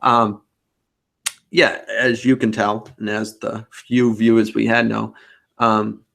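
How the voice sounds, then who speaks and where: Gravelly-voiced rambling podcast host. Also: male voice, fairly low pitch, little pitch movement, slow, fairly bright tone. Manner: rambling, talkative. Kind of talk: casual chat over video call. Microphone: video call.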